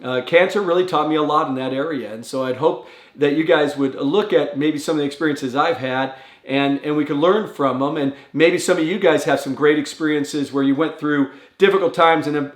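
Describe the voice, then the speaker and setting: Male pastor, earnest and conversational, slightly high voice, echoey room. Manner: earnest, conversational, acts out quoted prayers with rising pitch. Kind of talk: short devotional talk.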